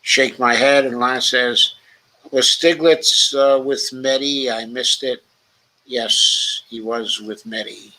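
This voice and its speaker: A man's voice: medium pitch, steady tone, slow pace, pushed and bright, poor audio. A man hosting a political livestream, reading viewer comments aloud and answering them with casual remarks and frequent fillers.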